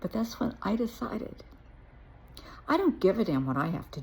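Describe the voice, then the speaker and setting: A woman's voice: mid-range voice, very animated, normal speed, pauses often, breathy edge. A woman who works as a therapist, telling her own story in a frank, blunt way with dry asides. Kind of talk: personal storytelling to camera.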